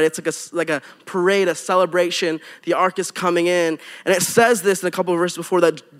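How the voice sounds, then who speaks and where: A young adult male pastor giving a conversational sermon with animated asides to his congregation. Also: sits high.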